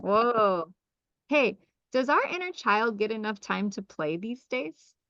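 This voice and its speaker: An enthusiastic woman leads a live group call, teaching with a lively, questioning manner. Her voice comes through a computer mic, a little dull and lo-fi, with a dry, close sound. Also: fairly high pitch, slow, no room sound. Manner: enthusiastic, animated, asks many questions. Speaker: astrology teacher.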